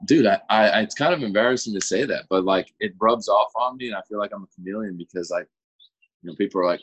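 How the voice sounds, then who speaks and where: A man's voice: lowish voice, quick pace, a bit bright, breathy edge, poor audio. A young man, a guest on an interview show, chatting casually and explaining things in an easygoing, rambling way. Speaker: guest pitcher.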